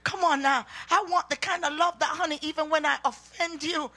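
A woman preaching a sermon, reading scripture and shouting out to the congregation with emphatic calls. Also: high voice, fairly even intonation, fairly quick, few pauses.

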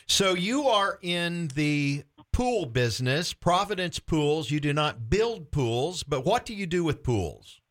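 A man's voice: fairly high pitch, very animated, slow, hardly any pauses, a bit bright. A middle-aged man from Florida hosting a Christian radio talk show, upbeat and enthusiastic, laughing often and restarting his sentences.

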